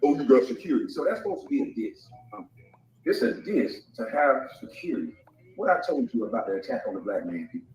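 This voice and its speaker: A man's voice: medium pitch, very animated, quick pace, darkish tone, a little hiss or hum. A man in a heated call-out rant, mocking and profane, taunting the person he is addressing. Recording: echoey, far from mic.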